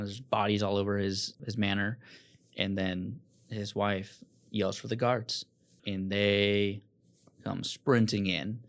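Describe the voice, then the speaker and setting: Man, game master, casual narration, gravelly, low voice. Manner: casual, with fillers.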